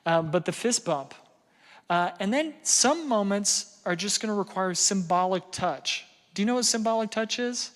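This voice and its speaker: A man's voice: high-pitched, lively intonation, moderate pace, a bit bright. A middle-aged man giving a casual parenting seminar, conversational and self-deprecating, with lots of fillers and "right?" checks. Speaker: parenting workshop speaker. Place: large hall before an audience. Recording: long hall reverb.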